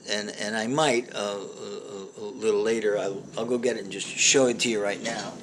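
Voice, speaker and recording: A middle-aged man hosting a comedy show, telling a rambling deadpan monologue full of fillers and restarts. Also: on the low side, normal speed, slight background noise.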